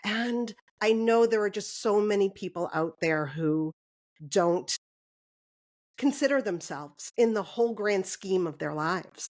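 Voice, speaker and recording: A woman's voice: medium pitch, expressive, measured pace, a little mellow. A woman hosting an interview, sharing personal experiences in a heartfelt, reflective way. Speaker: podcast host.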